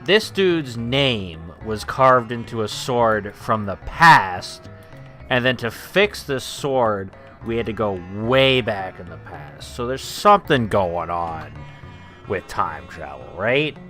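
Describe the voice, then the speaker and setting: A man's voice: fairly low pitch, expressive, slow, a bit bright, faint music behind. A man co-hosting a let's play, chatting casually and swearing now and then as he plays. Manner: laid-back, drawling, swears casually. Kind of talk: casual gameplay chat.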